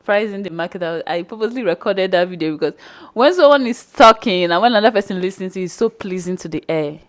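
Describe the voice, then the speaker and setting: A woman's voice: mid-range voice, animated, fast. A young woman from Nigeria, a guest on a vlog, chatting eagerly about her trip and repeating herself. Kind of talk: casual chat.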